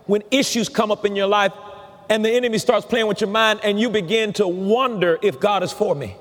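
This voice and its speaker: A pastor preaching a sermon, slow and emphatic, leading his listeners in call-and-response. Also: sits high, a bit bright, in a large hall.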